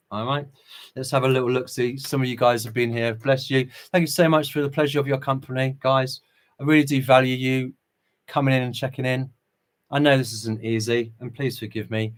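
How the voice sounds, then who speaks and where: A man's voice: mid-range voice, little pitch movement, brisk. A middle-aged man hosting a casual livestream, greeting chat viewers and preaching with passion and short chuckles. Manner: impassioned, preachy, chuckles between remarks. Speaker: livestream host.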